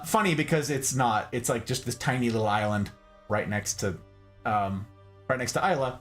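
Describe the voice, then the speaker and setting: A man hosting a casual livestream, explaining whiskey in a chatty way and checking in with "okay?" as he goes. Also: a little high. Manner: animated, chatty, repeats "okay?" and "like". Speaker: streamer hosting a whiskey talk. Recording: faint background music.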